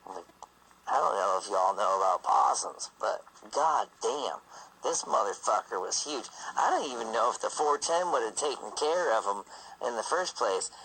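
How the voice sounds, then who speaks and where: A man's voice: medium pitch, pushed and bright, husky, rough recording. A man telling a family story in a rambling, profane, loose way. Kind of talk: casual spoken storytelling.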